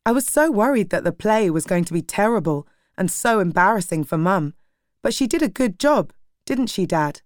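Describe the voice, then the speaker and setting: A woman's voice: mid-range voice, animated, moderate pace, dry recording, studio quality, close to an everyday voice. Woman reading as a breezy, easily bored young daughter.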